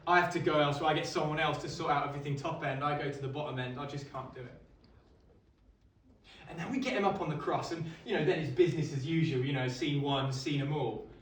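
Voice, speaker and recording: A man's voice: on the high side, fast talker, natural voice. A man playing a middle-aged Roman centurion, telling his story in a wry, conversational monologue to a live audience. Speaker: costumed actor at an exhibition. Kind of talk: first-person dramatic monologue to a live audience. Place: indoor exhibition hall. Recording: echoey hall, mic at a distance.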